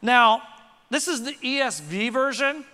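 A man preaching a lively sermon with quick asides, leading the congregation in call and response. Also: very high-pitched. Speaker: pastor. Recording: reverberant church hall.

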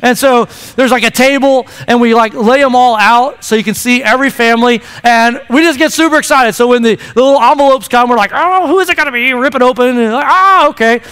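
High-voiced pastor in an echoing sanctuary. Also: male voice, fairly even intonation, brisk, hardly any pauses, a bit bright, smooth. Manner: chatty, playful, repeats words when starting sentences. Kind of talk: sermon. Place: church sanctuary. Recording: long hall reverb.

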